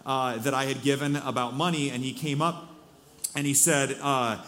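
A man's voice: medium pitch, fairly even intonation, moderate pace, fairly bright tone, slight background noise. A male pastor preaching a sermon in a church, speaking conversationally with many fillers and restarts.

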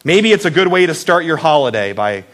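A man's voice: a little high, sing-song, a little fast. Joking, conversational male pastor. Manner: conversational and joking, keeps asking "right?"; asks the audience reflective questions. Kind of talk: casual Easter sermon.

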